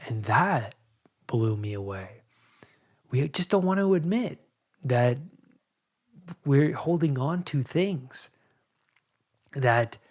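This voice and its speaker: A man hosting a solo podcast, speaking in a reflective, halting way that often repeats words as he searches for them. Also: medium pitch. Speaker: podcast host and anxiety coach.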